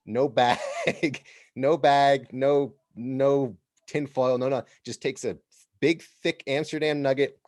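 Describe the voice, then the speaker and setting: An American man hosting a podcast, telling a travel story in an animated, casual way and laughing as he goes. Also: medium pitch, takes it slowly, no room sound, clean studio sound. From United States. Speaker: podcast host.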